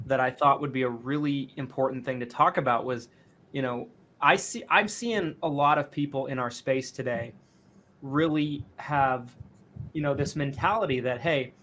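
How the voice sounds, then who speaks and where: A man hosts a casual live podcast, winding through his question with plenty of fillers and restarts. His voice is of middling pitch, with a faint hiss behind it. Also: a bit bright. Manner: rambling, many fillers. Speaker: podcast host.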